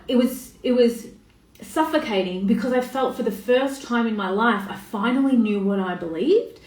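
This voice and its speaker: A woman's voice: mid-range voice, normal speed. A woman, talking casually on a live stream as a coach, swearing freely and greeting viewers by name. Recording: echoey room, voice a bit far off.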